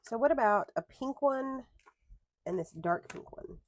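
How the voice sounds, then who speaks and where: Speaking a little slowly with lively intonation, this young woman has a fairly high voice and the recording has no echo. She's a planner vlogger at her home craft desk, chatting casually as she crafts, wandering off on tangents and fixing her own words as she goes.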